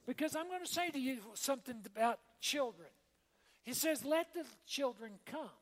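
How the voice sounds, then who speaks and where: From the pulpit of what sounds like a vast church sanctuary, a woman pastor preaches in a homey, conversational style, her high voice expressive and moderately paced. She keeps checking in with the congregation, asking "all right?" and "amen?" as long reverb trails her words.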